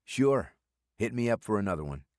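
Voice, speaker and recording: A guarded businessman hero who speaks in short, blunt lines, as a man puts him on. His voice is pitched somewhat up from a low baseline. The sound is close and dry. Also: big pitch swings, normal speed, a little mellow, no room sound. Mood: friendly. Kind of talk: audiobook character voice.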